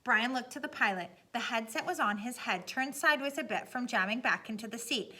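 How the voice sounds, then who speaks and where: A woman reads a novel aloud in a steady, dramatic way. Her voice sits a little high for a woman and sounds bright and forward, keeping an even, careful pace through the telling. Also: fairly quick. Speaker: audiobook narrator. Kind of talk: scripted narration.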